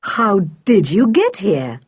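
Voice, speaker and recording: A woman voicing a fussy middle-aged father who speaks in a slow, measured way. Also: medium pitch, wildly swooping pitch, slightly rough, no room sound, clean studio sound, heavily acted. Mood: puzzled.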